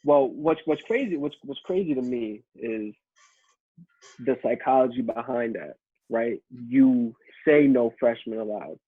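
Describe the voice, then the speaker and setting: Husky man on a thin, phone-like line. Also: mid-range voice, expressive, unhurried, no echo. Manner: loose, repeats words. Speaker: podcast co-host. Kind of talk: casual chat.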